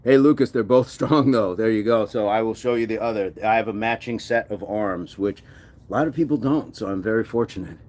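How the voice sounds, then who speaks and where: A man's voice: on the low side, brisk, darkish tone. Man hosting a live workout stream. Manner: reads viewer comments aloud and laughs often. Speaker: fitness livestream host. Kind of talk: casual live-stream chat.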